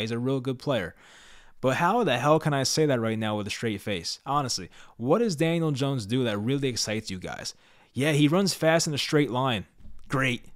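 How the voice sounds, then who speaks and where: A young man from New Jersey giving a fan reaction rant about his team, sarcastic and exasperated, often repeating himself. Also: mid-range voice. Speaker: sports fan vlogger.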